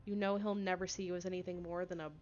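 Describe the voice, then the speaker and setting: A woman's voice: fairly low pitch, flat delivery, fast talker, darkish tone, close to an everyday voice. A catty werewolf woman whose sweet tone drips with spite, delivered with snide sugariness, as read by a woman streaming a game. The recording is slightly dull and lo-fi, with faint music behind. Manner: sugary, snide line reading. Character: catty female werewolf rival, sweetly venomous.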